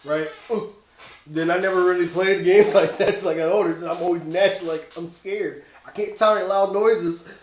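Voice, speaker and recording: A man's voice: sits high, fairly quick, echoey room, slight background noise. A man co-hosting a casual gaming podcast, rambling and laughing as he tells stories. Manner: laughing, excitable, rambling storyteller. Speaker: podcast co-host. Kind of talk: casual chat.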